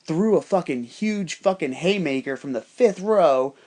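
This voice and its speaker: A man with a slightly higher-than-usual voice rambles through a story, swearing constantly. He talks in a loose, conspiratorial way. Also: expressive, measured pace, darkish tone. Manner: rambling, heavily profane, conspiratorial. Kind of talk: casual storytelling monologue.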